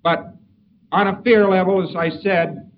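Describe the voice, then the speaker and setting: A man's voice: high-pitched, steady tone, measured pace. A man giving an informal lecture in a wry, digressive way, acting out the quotes he gives. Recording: dull distant recording with faint hiss.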